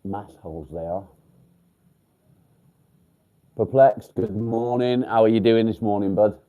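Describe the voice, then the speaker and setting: An English man hosting a casual livestream, chatting bluntly with viewers, swearing freely and filling pauses with ums. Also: on the low side, narrow, tinny audio. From England. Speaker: livestream host. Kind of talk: casual live chat with viewers. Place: outdoors by a field.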